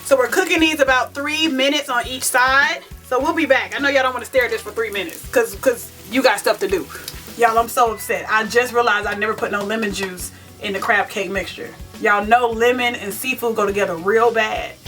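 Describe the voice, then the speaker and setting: Chatty high-voiced woman, bright tone. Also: steady tone, brisk. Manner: chatty, self-mocking, talks straight to viewers as "y'all". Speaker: vegan cooking channel host. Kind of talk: casual cooking vlog chat. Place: home kitchen. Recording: distant mic with faint music.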